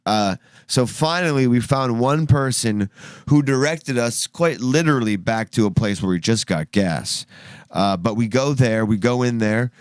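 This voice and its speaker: A man's voice: mid-range voice, expressive, measured pace, clean tone, dry recording, studio quality. A young man co-hosting a podcast, rambling through a casual story full of fillers and putting on goofy voices for the people he quotes. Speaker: podcast co-host.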